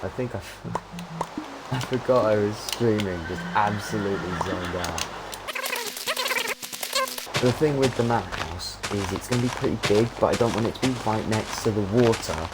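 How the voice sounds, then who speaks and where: Over loud music, a young man with a lowish voice gives casual gameplay commentary at a normal speed, often pausing. He chats and muses between tasks while keyboard clicks make the stream's recording noisy.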